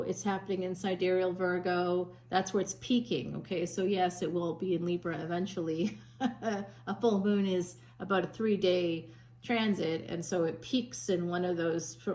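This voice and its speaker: A woman's voice: on the low side, rough recording. A woman psychic giving a chatty tarot reading, with a Northern US accent that slips toward Southern, full of fillers and restarts. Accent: Northern US, drifting Southern. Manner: chatty, warm endearments, frequent fillers and restarts.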